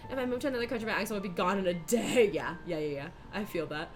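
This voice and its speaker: A woman's voice: medium pitch, fast. A young woman with a Californian accent, chatting casually with her live-stream viewers while she bakes. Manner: chatty, reads out chat names, bubbly. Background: faint music.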